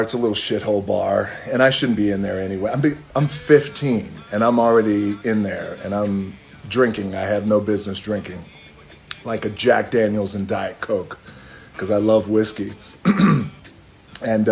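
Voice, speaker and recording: Casual low-voiced man telling stories. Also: a little mellow. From Hawaii. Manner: loose, profane, chuckling anecdotal delivery. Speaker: live stream host. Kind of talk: casual storytelling.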